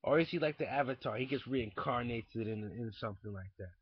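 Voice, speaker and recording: A young man ranting casually into a webcam indoors, profane and rambling, swinging from muttering to shouting. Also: medium pitch, a little fast, slightly rough, no echo. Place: indoors at home. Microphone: webcam mic. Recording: dull lo-fi webcam audio.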